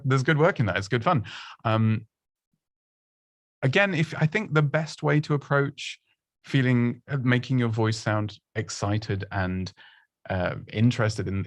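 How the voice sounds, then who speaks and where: A man's voice: mid-range voice, no room sound. A man giving casual, chatty presenting advice, self-deprecating and full of restarts and little laughs. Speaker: presenting coach.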